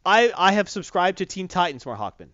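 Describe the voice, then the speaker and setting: A man hosting a live stream, jokey and energetic as he hypes his viewers. His pitch swings widely and sits a little high. The sound is dry and a bit dull, like a basic stream microphone. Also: fairly quick, no room sound. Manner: animated, jokey, hyping viewers. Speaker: stream host. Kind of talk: casual live-stream chat.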